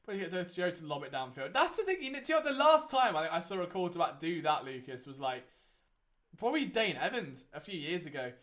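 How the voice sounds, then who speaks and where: Talking a little fast, the young man running this casual watchalong has a high, somewhat bright voice with big pitch swings. His live game commentary is chatty and rambling, packed with fillers.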